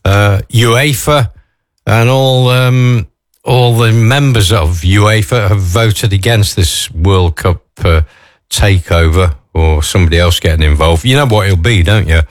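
Chatty man, lowish voice. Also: unhurried, no echo, studio quality. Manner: chatty and wry, with asides. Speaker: vlogger. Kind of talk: casual morning chat.

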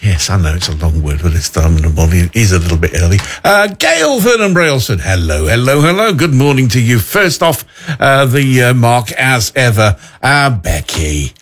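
A man's voice: medium pitch, sing-song, moderate pace, breathy edge. A man hosting a local morning radio show, chatty and rambling, full of self-deprecating asides. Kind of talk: casual radio chat.

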